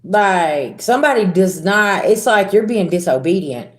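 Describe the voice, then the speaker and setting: A woman's voice: mid-range voice, lively intonation, a little slow, roomy sound. A woman giving a casual tarot reading to her viewers, talking bluntly with sass, slang and swearing. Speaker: tarot reader.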